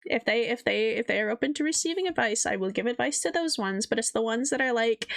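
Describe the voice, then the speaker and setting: A woman's voice: fairly high pitch, expressive, fast, gravelly, hardly any pauses, fairly bright tone. A young woman streaming live as an artist, chatting casually in a blunt, profane way and often mimicking people. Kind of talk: casual livestream chat.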